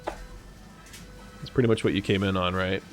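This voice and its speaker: Young male streamer, lively swinging pitch, casual and profane. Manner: animated, swearing, laughing at his own jokes. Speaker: live streamer. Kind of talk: casual chat with viewers.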